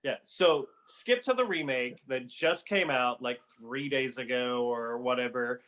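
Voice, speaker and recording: A man's voice: medium pitch, unhurried, a bit bright. A podcast host, a man, chatting casually and giving opinionated reviews with plenty of fillers. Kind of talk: casual chat.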